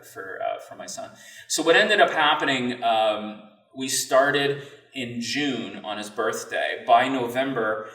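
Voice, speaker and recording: A man as a podcast guest, telling a personal story in an earnest, reflective and halting way. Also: medium pitch, fairly bright tone. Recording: roomy sound, mic at a distance.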